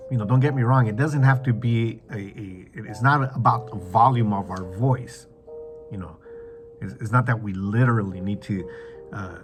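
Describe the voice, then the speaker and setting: A man giving a devotional talk as a preacher, halting and reflective, with many restarts. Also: on the low side. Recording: clear background music.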